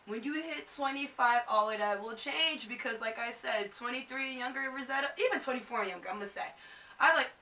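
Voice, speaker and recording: Woman, twenties, high bright voice, echoey room, slightly off mic, chatty vlog. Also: fairly quick, recorded from a distance. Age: 20s. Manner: chatty, fills with "like". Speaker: vlogger. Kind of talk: casual chat to camera.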